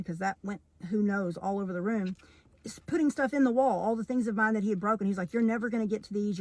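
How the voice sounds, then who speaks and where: Woman, casual storytime, earnest, hesitant, lots of fillers, middle pitch, very echoey room, long reverb. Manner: talking while painting.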